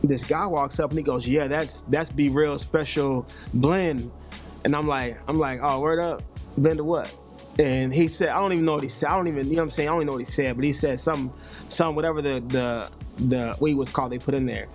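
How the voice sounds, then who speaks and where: Animated man telling a tour story. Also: fairly high pitch, fairly quick, faint music behind. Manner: animated storytelling, acts out voices. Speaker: touring rapper.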